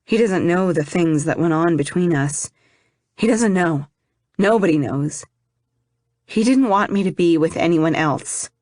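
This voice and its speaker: Woman narrator, lowish voice, soft reflective first-person audiobook read, dry booth sound. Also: measured pace, no echo.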